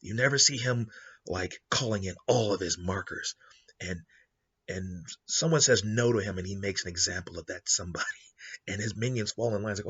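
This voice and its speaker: A man hosting a podcast, casually pitching a dark fantasy story idea and briefly voicing the characters as he goes. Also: moderate pace, husky, dull audio. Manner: animated, acts out quoted characters in passing. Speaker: podcast host.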